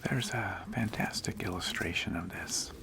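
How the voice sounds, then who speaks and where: A man talking in a gentle, whispery ASMR manner, telling a story unhurriedly while out on a nature hike. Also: low voice, moderate pace, creaky. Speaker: ASMR host. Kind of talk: soft-spoken ASMR talk.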